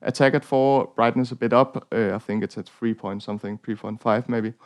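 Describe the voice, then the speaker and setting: In a brisk, mid-range voice with fairly even intonation, a young Danish-accented man from Denmark talks through his guitar tone setup. His casual gear walkthrough rambles, leaning on fillers and self-deprecating jokes.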